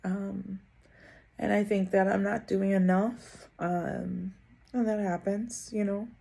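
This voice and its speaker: A woman vlogger giving a rambling, halting update in one unedited take, tired and muttering. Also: medium pitch, flat delivery, gravelly, warm tone. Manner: rambling, halting, self-deprecating.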